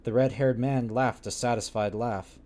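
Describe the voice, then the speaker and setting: A man with a medium-pitched, slightly mellow voice and fairly even intonation reads a classic novel on a livestream at normal speed. He fumbles the old wording now and then, breaking off for wry asides and laughter.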